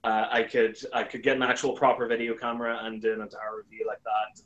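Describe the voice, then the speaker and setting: A man chatting casually as a guest, an animated storyteller who acts out quoted lines in a higher voice. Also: quick pace, muffled recording. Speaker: YouTuber guest. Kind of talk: casual chat.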